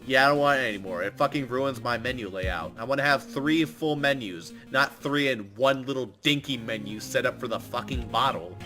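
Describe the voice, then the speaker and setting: A man's voice: medium pitch, brisk, hardly any pauses, sharp tone, faint music behind. A man reading dialogue aloud and cracking profane jokes while playing a game. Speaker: let's play commentator. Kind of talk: casual game commentary.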